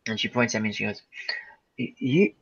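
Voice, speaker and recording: Husky, bright, animated male storyteller. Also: fairly low pitch, rapid-fire, muffled recording. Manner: animated, laughing storyteller, acts out quoted voices. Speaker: host. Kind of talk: casual storytelling chat.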